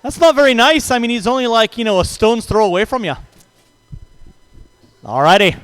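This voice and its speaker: A man calling a hobby race over the track speakers, brisk and jokey, reeling off driver names in quick runs. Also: extremely high pitch, expressive, fairly bright tone, clean tone, dry recording, rough recording. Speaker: race announcer. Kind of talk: live race commentary.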